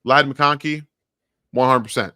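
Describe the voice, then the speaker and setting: A man speaking as a guest football analyst in casual chat, giving quick, enthusiastic draft takes. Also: medium pitch, bright, forceful tone, clean tone, no room sound, studio quality.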